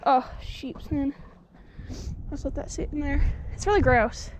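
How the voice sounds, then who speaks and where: A young woman chatting casually and excitably while magnet fishing at a lakeside dock in winter. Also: sits high, measured pace. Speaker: vlog co-host. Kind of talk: casual outdoor chat. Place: lakeside docks outdoors in winter. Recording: noisy outdoor recording.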